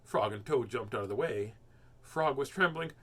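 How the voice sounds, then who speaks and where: A man reading a children's storybook aloud as host, expressive and animated. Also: medium pitch, moderate pace. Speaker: children's book reader, host.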